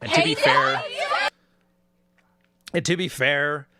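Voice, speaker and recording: A man's voice: fairly high pitch, slow, very noisy. A man giving casual, sarcastic reaction commentary on video clips, often putting on mocking voices. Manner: animated, sarcastic, does mocking quoted voices. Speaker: YouTube commentator.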